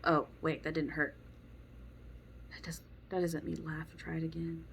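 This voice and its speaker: Speaking with a deep, creaky voice and flat delivery at normal speed, this young dog-trainer vlogger offers frank, strongly opinionated tips on kids and dogs. She casually mimics the people she quotes, with slight noise in the background.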